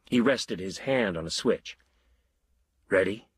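Slow husky male narrator. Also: fairly low pitch, animated, no echo. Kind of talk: scripted story narration.

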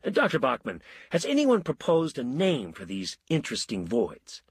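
A slick radio announcer speaks in measured, polished phrases, voiced by a man reading aloud. The pitch moves lively. The recording is close and dry. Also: breathy edge, no echo, full character voice. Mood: announcing.

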